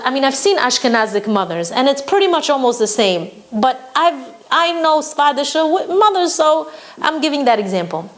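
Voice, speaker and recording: A woman teacher giving a humorous lecture to women, telling stories and addressing the audience directly. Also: a little high. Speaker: Torah teacher.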